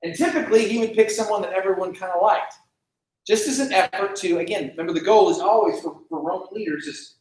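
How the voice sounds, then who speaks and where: A man teaching a casual Bible lesson to students, animated, asking the class questions and acting out quotes. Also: high-pitched, fast. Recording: echoey room, mic far off.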